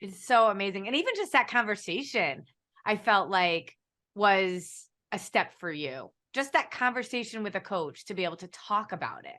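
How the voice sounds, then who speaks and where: An upbeat woman hosts a live-stream chat with a bright, forceful edge to her voice. She encourages her guest and speaks straight to the viewers, keeping the talk lively. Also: medium pitch, normal speed. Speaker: host, nutrition business owner.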